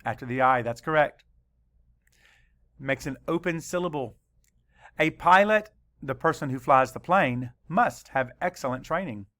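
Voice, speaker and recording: A male teacher leading a spelling lesson for children, spelling words slowly letter by letter and adding dry asides. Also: on the high side, lively intonation, pushed and bright.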